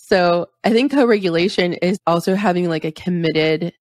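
A woman's voice: lowish voice, normal speed, a little mellow. A woman hosting a podcast interview, blunt and enthusiastic, swearing and laughing often. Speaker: podcast host.

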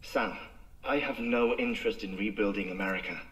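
An actor playing a formal, measured male scientist in a video game cutscene. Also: on the low side, fairly bright tone, distant mic, lightly acted, poor audio. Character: calm male scientist obsessed with the past. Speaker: game character, BT researcher.

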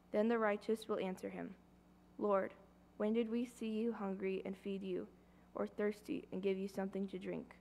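A woman reading a gospel passage aloud during a church service, in a measured, even way. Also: mid-range voice, slight background noise. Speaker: scripture reader.

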